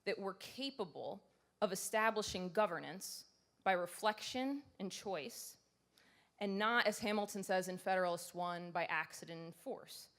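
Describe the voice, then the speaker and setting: Brief: woman speaker on a conference stage, medium pitch, chatty and self-mocking, lots of ums. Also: moderate pace, a bit bright. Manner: conversational and self-deprecating, many fillers. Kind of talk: conference talk.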